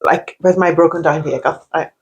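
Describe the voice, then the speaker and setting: A woman's voice: low voice, steady tone, brisk. A woman co-hosting a podcast, telling chatty stories about her weekend in casual conversation. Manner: chatty storytelling. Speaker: podcast co-host. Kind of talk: casual chat.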